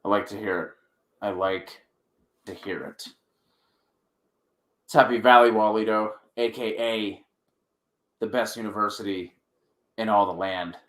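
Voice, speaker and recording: A man hosting a fantasy football live stream, reading out viewer questions in quick lists. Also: fairly low pitch, a bit bright, echoey room. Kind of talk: casual live-stream chat.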